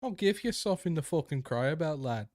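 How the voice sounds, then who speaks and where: Brief: guy faking a taunting Irish bloke, brash and pitched up. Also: animated, brisk, a little mellow, no room sound, studio quality, natural voice. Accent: put-on Irish. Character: cocky Irish man scolding someone.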